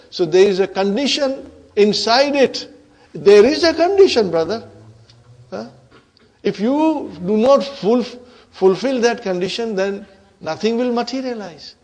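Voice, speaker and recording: A man with a high-pitched voice teaches Arabic grammar to a class in English. He keeps asking whether the students are following and mixes Arabic grammar terms into his explanations. He laughs easily between points. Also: lively intonation, a little slow, a little mellow. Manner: repeats "are you with me" and "huh" to check the class.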